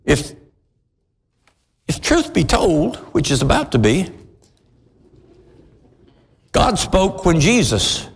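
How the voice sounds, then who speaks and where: Preacher guy, slow and drawn out, voice swinging all over, big echoey hall with people answering. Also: fairly high pitch. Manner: preaching with sudden rising shouts. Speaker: pastor. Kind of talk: sermon. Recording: echoey hall with crowd responses. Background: congregation calling out responses.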